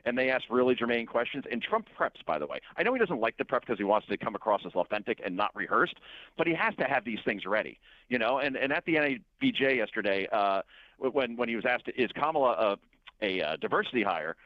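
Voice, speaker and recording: A man calling in as a guest columnist on a dull, dry phone line. He talks quickly with a lively, swooping pitch and tosses in laughing asides. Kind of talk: radio interview commentary.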